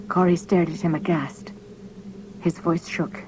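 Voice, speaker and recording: Female audiobook narrator, measured and dramatic, slightly low pitch. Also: fairly even intonation, vocal fry, darkish tone, a little hiss or hum, low-quality recording. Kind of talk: scripted narration.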